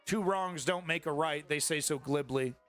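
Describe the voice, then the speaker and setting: A man's voice: a little high, normal speed, a bit bright, soft background music. A man hosting a live-stream news commentary, sarcastic and indignant, swearing freely.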